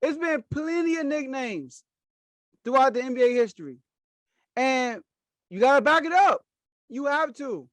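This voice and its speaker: A man with a high-pitched voice delivers solo sports commentary as a podcast host. He talks emphatically, hammering his points by repeating them. The recording is dry and close, with no room sound. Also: animated, unhurried, long pauses, dry recording. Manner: emphatic, repeats key phrases.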